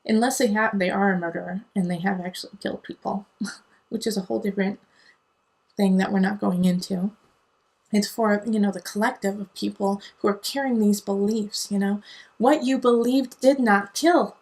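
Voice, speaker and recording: A woman's voice: medium pitch, moderate pace, a little mellow. A woman giving a casual tarot reading, talking in an earnest, digressive way that mixes encouragement with tough love. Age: adult parent. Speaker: tarot reader.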